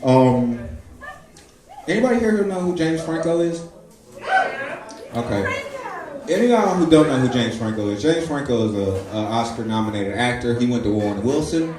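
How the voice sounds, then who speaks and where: A man in his twenties doing a stand-up comedy set, telling stories with loud acted-out quotes. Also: medium pitch, big pitch swings, moderate pace, long pauses, far from the mic, background noise. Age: 20s. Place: comedy club stage. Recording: echoey live room, audience laughter. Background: audience laughing.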